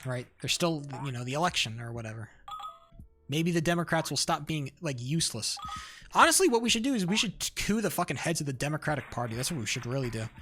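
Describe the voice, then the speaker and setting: A man's voice: on the high side, animated, fast talker, a bit bright, a little hiss or hum. A young man streamer ranting in casual chat, heated and rambling, full of fillers, restarts and swearing. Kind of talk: casual livestream rant. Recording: faint music behind.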